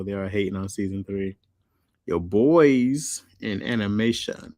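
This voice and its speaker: A man's voice: fairly low pitch, moderate pace, a little mellow, no room sound, studio quality. A man streaming live, chatting casually in loose slang and answering chat. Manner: loose slangy talk, reads chat aloud.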